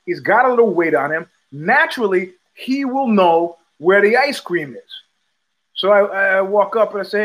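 Older guy hosting a podcast, fairly high voice, rambles, says uh a lot, acts out the people in his stories. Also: moderate pace, low-quality recording. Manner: rambling, many restarts and fillers, animated quoting. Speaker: podcast host. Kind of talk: casual storytelling monologue.

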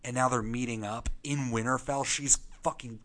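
A man co-hosting a casual chat, animated and excitable, swearing freely and jumping between quick asides. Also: mid-range voice. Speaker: podcast co-host.

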